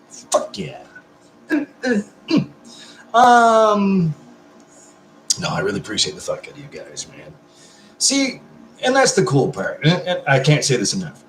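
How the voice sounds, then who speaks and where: A man on a casual live stream, his pitch swinging widely as he rambles in an effusive, profane way. He is drinking beer between comments, and his voice rings in an echoey room. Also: a little hiss or hum. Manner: drinking beer while talking.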